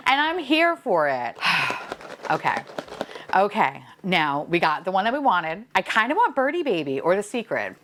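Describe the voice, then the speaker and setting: A young woman vlogging an unboxing in casual chat, excitable, laughing and swearing freely at what she finds. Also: lowish voice.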